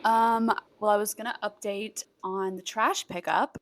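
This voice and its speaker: A woman in her twenties co-hosts a podcast with her mother, chatting casually and dropping many "like"s and "um"s. Her medium-pitched voice keeps fairly even intonation at a measured pace.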